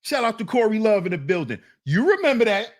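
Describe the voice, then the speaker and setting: A man hosting a solo commentary show, reacting to a clip with teasing, drawn-out rhetorical questions. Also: high voice, big pitch swings. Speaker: commentary channel host.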